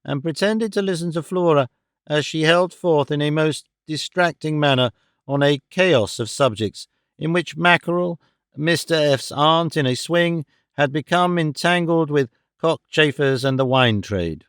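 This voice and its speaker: Male narrator for a classic audiobook, steady and even, smooth voice pitched slightly high. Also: unhurried, no echo, studio quality. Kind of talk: scripted narration of a classic novel.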